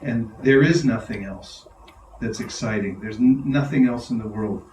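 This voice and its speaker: A man speaks to a gathered audience as a spiritual teacher, bursting with enthusiasm and breaking into laughter. His voice sits at a middle pitch. It rings through a roomy hall from a mic set well back, with faint noise underneath. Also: moderate pace, recorded from a distance. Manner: enthusiastic, laughing, animated storyteller. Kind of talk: devotional talk to an audience. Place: large room with a live audience.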